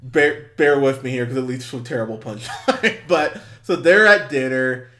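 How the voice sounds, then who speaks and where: At a normal speed and with a sharp tone, a man co-hosting a movie podcast vents casually about films, swearing often and restarting. As a film reviewer, he acts out quotes in high, mocking voices.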